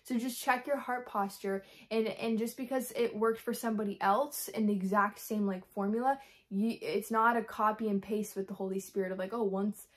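A woman's voice: medium pitch, steady tone, moderate pace. A young woman talking candidly in a devotional vlog, earnest and rambling, acting out her own prayers as she speaks. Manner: earnest, rambling, full of fillers and quoted prayers. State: frustrated but hopeful. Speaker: Christian vlogger.

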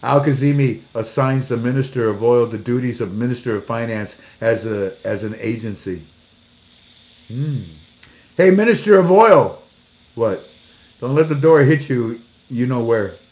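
A man at a middle pitch reads out news articles and answers each one with sarcastic asides. He plays out little mock dialogues and laughs at his own jokes. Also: moderate pace, a little mellow. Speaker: commentator reading news articles. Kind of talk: casual commentary.

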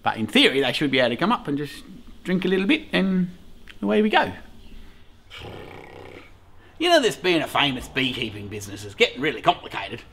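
A man's voice: on the high side, huge pitch swings, brisk, pauses often, a bit bright, husky. A middle-aged Australian man hosting a casual beekeeping vlog, rambling along, swearing freely and laughing often. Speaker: beekeeper host.

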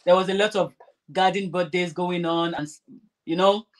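A woman's voice: on the low side, fairly even intonation, moderate pace. Chatty woman crafting and chatting. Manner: chatty, rambling, restarts sentences. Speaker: crafter vlogger. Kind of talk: casual chat while sewing.

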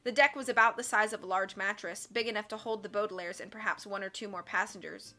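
A woman reading a storybook aloud in a measured, expressive way, with faint music behind. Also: mid-range voice. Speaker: audiobook reader. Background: faint background music.

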